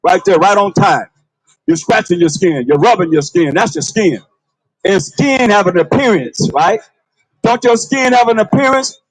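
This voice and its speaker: A man preaches outdoors on a busy street, his voice sitting high and leaping all over the place. He confronts the crowd and calls out to passersby. The sound is dry and close. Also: animated, moderate pace, slightly rough, no room sound, low-quality recording.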